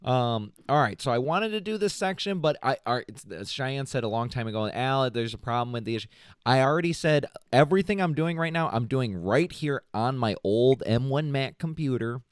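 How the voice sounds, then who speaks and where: A man's voice: mid-range voice, animated, normal speed, hardly any pauses, clean tone, no echo, clean studio sound. A man co-hosting a comedy podcast, chatting casually and reading a post aloud, joking and laughing often. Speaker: podcast co-host.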